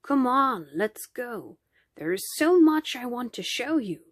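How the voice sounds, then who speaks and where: A woman voicing a kindly male bronze lion in a picture-book reading, with a gentle, playful manner. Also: a little high, sing-song, slow, no room sound, studio quality, pitched above the performer's own voice, exaggerated voice.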